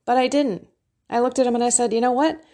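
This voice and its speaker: A middle-aged faith and life coach speaks to an online faith group in a warm, slightly high voice, fast but steady in tone. She's candid, emotional, and self-deprecating.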